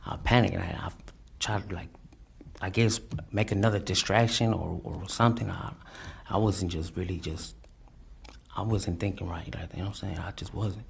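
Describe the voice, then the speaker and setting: A man giving courtroom testimony, halting and repeating his words, often adding "you know what I'm saying". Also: deep voice, steady tone, vocal fry, slight background noise. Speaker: defendant testifying.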